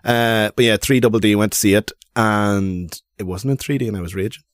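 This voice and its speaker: A man's voice: on the low side, fairly even intonation, fairly quick, no echo. A man with a Northern Irish accent, giving blunt, dry opinions in a casual film chat.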